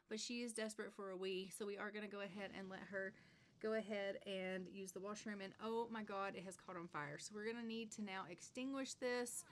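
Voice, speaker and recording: A woman hosting a gaming channel, narrating a life-sim game in a chatty, excitable way and laughing often. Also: mid-range voice. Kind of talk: let's play narration.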